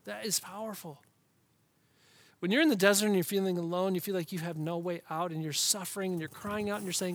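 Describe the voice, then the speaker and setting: High-voiced man preaching with passion. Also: brisk, dry recording. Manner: impassioned preaching, swings from hushed whispers to loud emphatic lines; repetitive, rhythmic lists. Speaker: pastor. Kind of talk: sermon.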